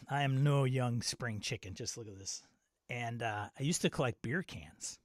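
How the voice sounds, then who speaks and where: A man's voice: medium pitch, a little slow, no echo, studio quality. A middle-aged man from Wisconsin hosting a casual live-stream chat, rambling and nostalgic, often laughing at himself. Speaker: channel host.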